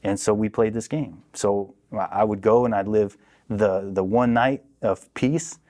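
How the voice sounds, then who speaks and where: Low-voiced man telling a story as a podcast guest. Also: unhurried. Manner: animated, acts out quoted people. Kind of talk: casual storytelling. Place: podcast studio.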